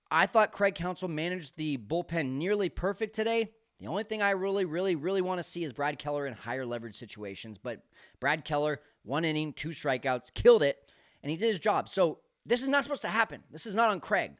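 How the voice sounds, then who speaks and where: Animated man breaking down a baseball game. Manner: animated, emotional, swings from low mutters to loud shouts. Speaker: baseball commentator. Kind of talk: excited sports breakdown.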